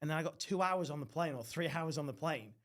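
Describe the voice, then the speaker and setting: A young man spins rowdy holiday tales in loose podcast chat. His voice sits slightly high for a man, and he drops into quick impressions of the people he describes. The swearing is constant and casual. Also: background noise. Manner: swearing, animated, mimics others. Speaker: podcast host.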